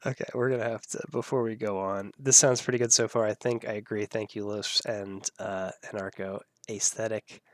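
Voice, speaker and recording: A man's voice: on the low side, flat delivery, brisk, few pauses, dry recording, studio quality. A man hosting a live audio editing tutorial, thinking aloud as he works and laughing at the clips. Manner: musing, thinking aloud while working. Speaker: host.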